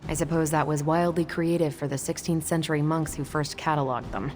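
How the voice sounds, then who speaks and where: A woman's voice: sits low, fairly even intonation, brisk, a little mellow. An actress playing a dry, wry, matter-of-fact woman tracking vampires in a video game. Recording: game audio with faint music.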